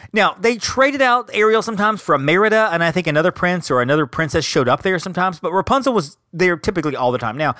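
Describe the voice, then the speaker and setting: A man's voice: a little high, a bit bright, dry recording. A man hosting a solo podcast in casual chat, enthusiastic and rambling, often breaking off to correct himself. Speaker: podcast host.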